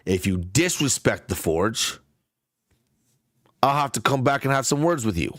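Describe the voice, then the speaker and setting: A man's voice: lowish voice, no echo, clean studio sound. A man voicing the ghost of a broad-shouldered, bearded male smith who talks in a hearty, rambling way. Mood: stern. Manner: hearty, casual, rambling with fillers.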